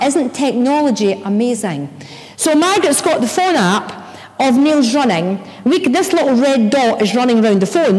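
Woman, middle-aged, preacher, high voice, lively storytelling, reverberant church hall. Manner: animated storytelling, acts out her own shouts. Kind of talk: sermon with personal stories.

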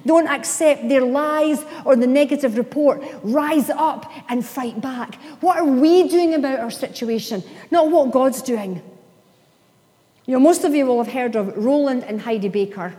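Lady pastor preaching, fairly high voice, big echoey hall, gets really fired up. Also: warm tone. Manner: impassioned, rising to emphatic declarations. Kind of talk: sermon. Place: church. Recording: long hall reverb.

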